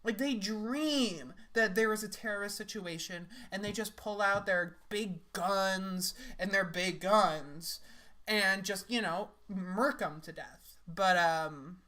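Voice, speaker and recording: A woman's voice: mid-range voice, slow pace, bright, forceful tone. A young woman making sarcastic, laughing, rambling comments as she reacts to clips.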